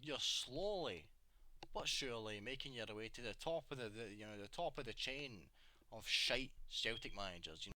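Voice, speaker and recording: A man's voice: mid-range voice, lively intonation, normal speed, bright, forceful tone, slight background noise. Sweary man ranting. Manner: sweary, exasperated, rhetorical questions. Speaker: football fan vlogger. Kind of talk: angry opinion rant.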